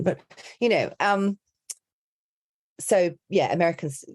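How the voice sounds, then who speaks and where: Low-voiced Scouse woman, chatty. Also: moderate pace, no room sound, clean studio sound. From Liverpool, England. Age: middle-aged. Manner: chatty, animated, slips into quoted voices and laughs. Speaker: accent and dialect coach. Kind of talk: podcast interview.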